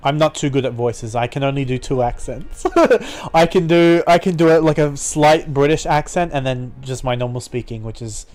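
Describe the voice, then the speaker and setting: A man's voice: medium pitch, moderate pace, a little mellow, soft background music. A young man with an Australian accent chatting casually and thinking aloud while streaming a game. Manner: chatty, self-deprecating, thinking aloud with fillers. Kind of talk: live-streamed game playthrough.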